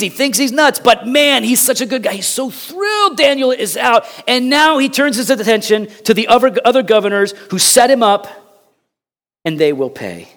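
Dramatic preacher man, fairly high voice. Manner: dramatic, swinging between loud and hushed; repeats words when emphatic. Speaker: pastor. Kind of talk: sermon.

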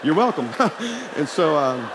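A man's voice: fairly high pitch, big pitch swings, takes it slowly. A man preaching a folksy, joking sermon to a conference crowd in a large hall. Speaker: pastor. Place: large hall with live audience. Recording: long hall reverb, faint crowd and noise.

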